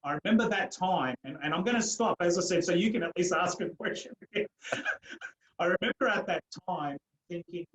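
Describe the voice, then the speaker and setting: A middle-aged man with a slightly raised pitch tells his own story in an interview. He speaks earnestly and repeats phrases for emphasis. The room gives his voice a noticeable echo. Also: fairly quick, fairly bright tone. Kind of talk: personal storytelling in a podcast interview. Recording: roomy echo.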